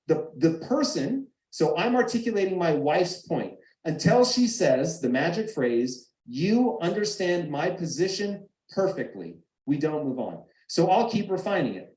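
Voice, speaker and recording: A man's voice: on the high side, a little mellow. A man giving a live talk to an audience, acting out both sides of arguments in quoted voices. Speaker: guest speaker. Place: event stage. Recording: echoey large room.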